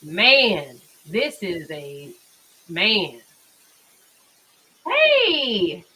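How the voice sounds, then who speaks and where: Bright, chatty woman streamer. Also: medium pitch, huge pitch swings, extremely slow, breathy edge, low-quality recording. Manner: chatty, talks over the played audio. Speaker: livestream host. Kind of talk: casual live commentary.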